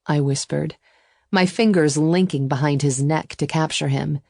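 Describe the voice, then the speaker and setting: A woman narrating a first-person romance audiobook in an even, intimate storytelling voice. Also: sits low, a little slow, no room sound, studio quality.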